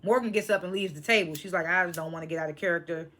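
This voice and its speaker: A woman casually recapping a reality TV episode, blunt and animated, swearing freely and laughing between points. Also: lowish voice, very fast.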